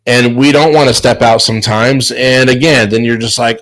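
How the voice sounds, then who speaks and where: His mid-range, slightly bright voice holds a steady tone at a moderate pace as he hosts a chef business show. Through a video call he gives an emphatic, preachy motivational talk, repeating words often. The recording quality is low.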